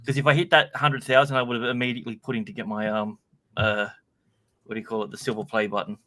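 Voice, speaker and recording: A chatty man from Australia guesting on a podcast, rambling a little as he talks. His voice is bright and edged. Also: lowish voice, flat delivery, fast talker. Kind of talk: casual chat.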